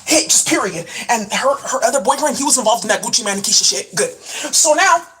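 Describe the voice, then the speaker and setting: A woman's voice: on the high side, animated, fast talker, fairly bright tone, a little hiss or hum, low-quality recording. A woman vlogging a rambling, conspiratorial monologue, cursing freely and filling her talk with "like" while holding up beauty products. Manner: profane, rambling, full of "like" fillers; conspiratorial, jumps between topics while showing products.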